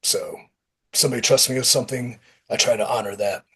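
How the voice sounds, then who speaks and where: Husky, blunt-talking man. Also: medium pitch, brisk. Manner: blunt, profane, animated storytelling. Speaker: pro wrestler guest. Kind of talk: casual interview talk.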